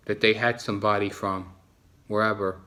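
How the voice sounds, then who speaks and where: A man's voice: on the low side, fairly even intonation, normal speed, pushed and bright. A man with a New Jersey accent talking in a casual, rambling vlog monologue, often restarting and repeating himself. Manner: repetitive, frequent restarts. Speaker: vlogger.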